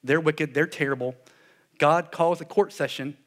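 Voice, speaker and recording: A man preaching a sermon in an animated way, with sarcastic asides, dropping his voice low for solemn points. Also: normal speed. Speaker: pastor.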